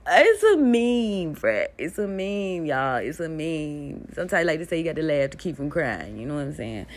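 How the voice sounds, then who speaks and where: A woman's voice: deep voice, lively intonation, fairly quick. A woman in her thirties telling her story in a casual monologue, blunt and profane, laughing between lines. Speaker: spiritual content creator.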